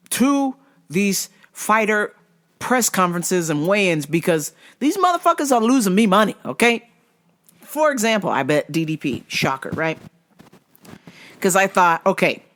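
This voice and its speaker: A podcast host ranting casually about fights, swearing a lot and getting heated and excitable. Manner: wide, jumpy pitch swings when worked up. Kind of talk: casual solo rant podcast.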